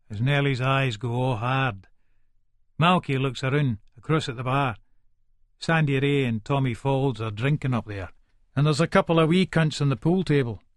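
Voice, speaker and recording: A man's voice: mid-range voice, fairly bright tone, no echo, clean studio sound, natural voice. An actor with an Edinburgh Scots accent playing a volatile, foul-mouthed hardman who narrates his own story in an audiobook, talking aggressively and swearing constantly. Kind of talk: first-person audiobook narration.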